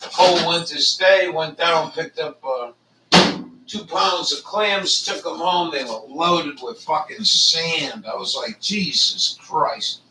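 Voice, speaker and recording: A man's voice: fairly high pitch, a little slow, far from the mic, noisy background. A man hosting a casual chat, rambling and swearing a lot, with many fillers. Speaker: livestream host.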